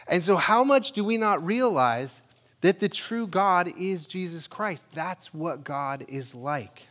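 A male pastor giving a conversational sermon, rising for emphasis on questions and dropping low and quiet on key lines. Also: normal speed.

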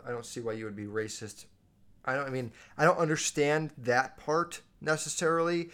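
A young man talking casually and bluntly into the camera, swearing a lot and getting animated as he reads out and answers viewer comments. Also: medium pitch, clean tone. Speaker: vlogger reading viewer comments. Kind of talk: casual unscripted monologue.

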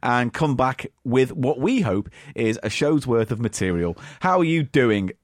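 A man's voice: medium pitch, animated, unhurried, no room sound, clean studio sound. A man co-hosting a comedy podcast, joking, teasing and swearing as he chats. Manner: jokey, crude and swearing, teasing. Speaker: podcast co-host. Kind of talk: casual comedy chat.

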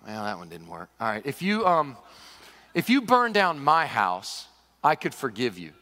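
Bright highish voice, guy preaching, jumps all over the place, big echoey church hall. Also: unhurried. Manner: animated, conversational preaching with humor. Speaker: pastor. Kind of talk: sermon. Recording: long reverb of a large hall.

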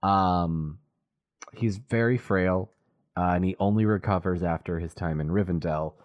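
A man's voice: sits low, measured pace, dull audio. A man guesting on a podcast, telling lore and cracking playful jokes in casual chat. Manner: joking, playful storytelling.

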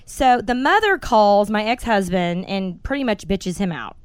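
A woman in her forties hosting a casual podcast, telling stories in a blunt, animated way and swearing freely. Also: mid-range voice, a little slow, clean tone, dry recording. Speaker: podcast host.

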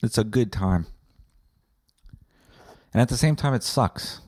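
A young Canadian man hosting a comedic solo podcast, rambling and swearing with deadpan asides. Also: medium pitch, measured pace, no echo, studio quality. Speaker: podcast host.

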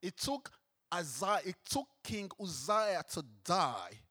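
A man preaches a sermon in a high voice that swings widely in pitch. He puts questions to the congregation and stresses his points with rising emphasis. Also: big pitch swings, takes it slowly, bright, forceful tone. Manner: emphatic, acts out scripture with rising intensity.

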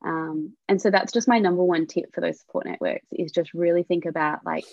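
A woman with a low-pitched, gravelly voice shares her personal experience openly in a podcast conversation. She talks in a heartfelt, candid way. The audio is dull and lo-fi, with a dry, close sound. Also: steady tone, brisk, a little mellow, dry recording. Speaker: guest, abortion and miscarriage coach.

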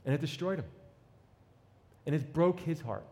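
A man's voice: fairly high pitch, animated, normal speed, darkish tone. A man preaching a sermon, telling a story dramatically and acting out its voices, building to emphatic peaks. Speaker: pastor. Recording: long hall reverb.

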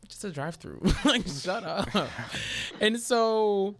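Animated, foul-mouthed storytelling man. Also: sits high, slow, soft background music. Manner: animated, profane, laughs while telling stories. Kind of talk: casual chat, storytelling.

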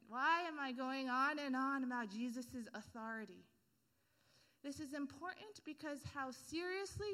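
A woman's voice: high voice, fairly bright tone. A woman preacher giving a casual, humorous sermon full of everyday analogies and slang.

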